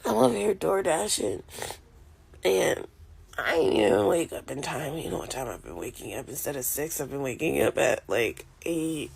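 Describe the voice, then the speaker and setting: A tired woman vlogger with a rumbling low, creaky voice chats to her camera at normal speed, her pitch swinging widely. Sleepy and yawning, she half-whispers to herself about her schedule.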